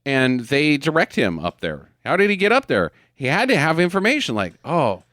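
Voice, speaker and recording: A man's voice: fairly high pitch, a little fast, dry recording, studio quality. A man co-hosting a casual podcast, riffing jokily on an action movie and slipping into mock voices. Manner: animated, jokey, swings into mock voices. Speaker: podcast co-host.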